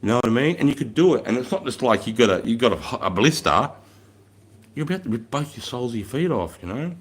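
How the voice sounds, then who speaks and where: A man's voice: medium pitch, animated, fast. An Australian man, a former army corporal, telling a story in a blunt, heavily profane, emphatic way. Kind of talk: casual storytelling.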